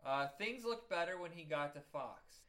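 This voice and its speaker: A man with a voice set somewhat high for a man, trading film talk as a podcast co-host. He tells his stories with lively, animated chatter and drops curses without a second thought. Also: normal speed. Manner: chatty, animated storyteller, swears freely. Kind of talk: casual chat about animated films.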